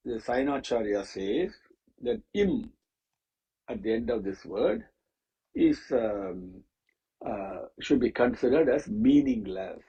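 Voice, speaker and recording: A man teaching the meaning of a Sanskrit hymn, pausing often with fillers and restarts. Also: mid-range voice, dark tone, breathy edge, dull audio. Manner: halting, with many fillers and restarts. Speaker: scripture teacher. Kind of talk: explaining a Sanskrit hymn with stories.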